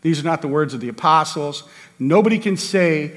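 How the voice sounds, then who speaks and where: A man's voice: fairly high pitch, expressive, fairly quick, a bit bright. A man preaching a sermon, earnest and emphatic, often restarting his sentences. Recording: long hall reverb.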